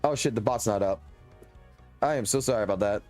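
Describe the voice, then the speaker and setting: A young Louisiana man with a Southern US accent rants and swears through loose livestream commentary, sitting close to a desk mic. His voice is lowish and a bit fast, and his streamer talk comes out animated, profane and rambling over faint background music.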